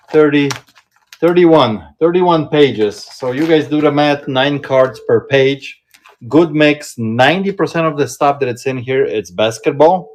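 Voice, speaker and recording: A man hosting a casual live-stream sale from inside a shop, chatting and thinking aloud in an unhurried way. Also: mid-range voice, noisy background. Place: indoors in a card shop.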